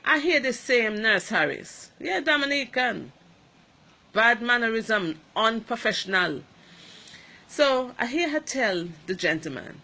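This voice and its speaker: Woman, Antiguan accent, nurse, emotional personal account, emphatic, bright voice. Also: on the high side, a little slow. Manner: animated, emphatic, acts out the dialogue.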